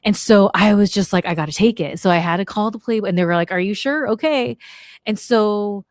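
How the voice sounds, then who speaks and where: A middle-aged woman casually telling a story on her podcast, slangy and animated, acting out the people she quotes. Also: medium pitch, brisk, no room sound, clean studio sound. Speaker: podcast host.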